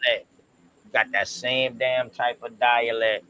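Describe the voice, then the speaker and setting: A man with a bright, forceful voice co-hosts a relaxed history stream. He talks in slang and draws out his thoughts, with faint noise underneath. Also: medium pitch, poor audio. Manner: laid-back, slangy, drawn-out. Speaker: co-host. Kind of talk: casual history discussion stream.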